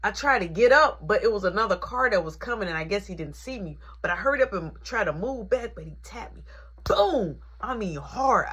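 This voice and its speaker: A woman recounting a personal story to camera in a loose, animated way. Her voice is bright and forward, and it sits at a medium pitch. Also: brisk, husky, dull audio. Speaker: vlogger. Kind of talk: casual storytime.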